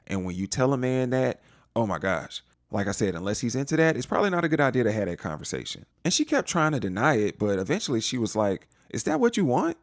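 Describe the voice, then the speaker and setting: A man recaps a TV episode in a low voice that swings lively up and down. He retells the scenes casually and drops in slangy asides. The sound is dry and close. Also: no room sound. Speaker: TV recap host.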